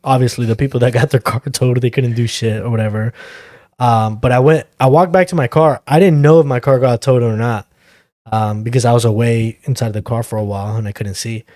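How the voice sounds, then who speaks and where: Laid-back young man with a dark voice. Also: medium pitch, fairly even intonation, a little fast, dry recording, clean studio sound. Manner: laid-back, swears freely, chuckles through the story. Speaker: podcast host. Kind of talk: casual storytelling.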